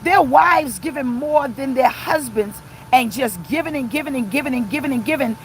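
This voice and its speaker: A middle-aged woman pastor giving an impassioned, emphatic, repetitive live-streamed sermon from inside a car, pausing to read viewer comments. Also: sits high, animated, slight background noise, rough recording.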